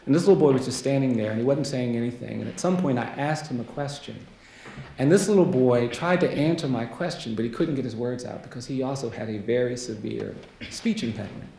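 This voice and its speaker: Male keynote speaker with a gravelly voice, earnest and soft-spoken storytelling with repeated refrains, recorded in a roomy lecture hall. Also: medium pitch, brisk. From United States. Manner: quiet, earnest storytelling with rhetorical repetition. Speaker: keynote speaker and death-row lawyer. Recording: roomy hall echo, faint noise.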